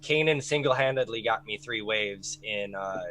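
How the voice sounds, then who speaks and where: A man appearing as a guest on a gaming stream, talking haltingly with frequent restarts. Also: lowish voice, sharp tone, slight background noise, rough recording. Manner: halting, restarts, laughs easily. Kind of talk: casual gaming stream chat.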